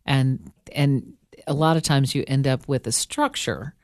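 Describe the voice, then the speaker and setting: Woman cohost, low voice, chatty and laughy, dead dry studio sound. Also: measured pace, dry recording. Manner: chatty and expressive, laughs often. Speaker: podcast co-host. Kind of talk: casual radio interview chat.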